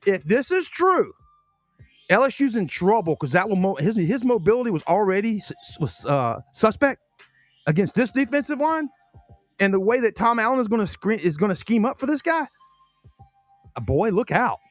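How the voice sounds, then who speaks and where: Chatty high-voiced man hosting a sports show. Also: big pitch swings, moderate pace, no room sound, faint music behind. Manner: chatty, repeats himself, talks with his mouth full. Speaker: podcast host. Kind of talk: casual sports talk.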